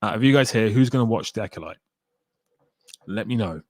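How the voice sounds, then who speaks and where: A man's voice: on the low side, animated, a little fast, a little mellow, dry recording, studio quality. A man hosting a casual live stream about films, rambling and talking straight to his chat viewers by name. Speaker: film talk live stream host.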